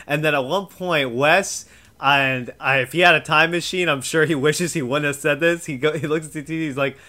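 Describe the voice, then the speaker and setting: A man's voice: on the high side, moderate pace. A man co-hosting a podcast in a casual chat, retelling scenes with energy and laughing as he goes. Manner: animated storyteller, laughs while talking. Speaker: podcast co-host.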